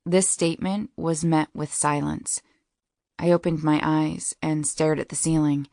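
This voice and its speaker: Low, slow, gravelly woman narrating a romance. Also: fairly even intonation, a little mellow, no room sound, clean studio sound. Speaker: audiobook narrator. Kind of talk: first-person romance audiobook narration.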